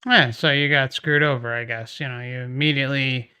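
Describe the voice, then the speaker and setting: A man's voice: mid-range voice, fairly even intonation, a little fast, sharp tone, clean tone. A man hosting a channel, commenting on testimonials in a musing, conversational way with sarcastic asides. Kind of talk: video commentary.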